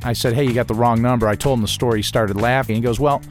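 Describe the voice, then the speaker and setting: Animated man telling a personal anecdote. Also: mid-range voice, fast, soft background music. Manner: animated, mimics voices in quotes, chuckles. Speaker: storyteller.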